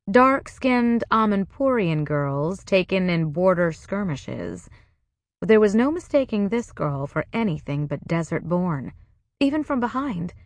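A woman narrating a first-person novel in a measured, wry way. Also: on the low side, dry recording. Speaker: audiobook narrator.

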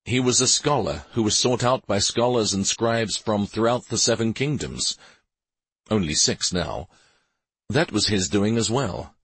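A man narrating a fantasy audiobook in a measured, even reading. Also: on the low side, slightly rough, dry recording. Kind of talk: scripted narration.

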